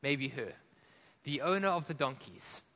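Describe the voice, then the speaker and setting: A male preacher from Africa delivering a sermon, impassioned, swinging between loud emphasis and hushed drops and asking the congregation questions. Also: mid-range voice, expressive, unhurried, long reverb tail.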